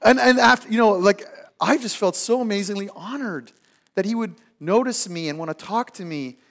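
A man preaching a sermon and telling a personal story, moving from loud emphasis to hushed asides and acting out the people in it. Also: high-pitched, normal speed. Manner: acts out the people in his stories. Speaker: pastor.

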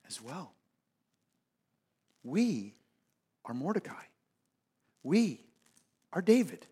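Man pastor telling a story in his sermon, high voice, loud then quiet, does little voices for people. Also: breathy edge. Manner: animated, swings between loud emphasis and hushed asides; acts out the people in his stories.

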